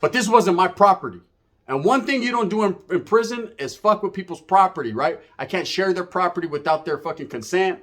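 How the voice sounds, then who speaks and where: Brisk and expressive, this man's high, slightly bright voice carries a laid-back tale from his prison days. He mixes in profane street slang and knocking sound effects.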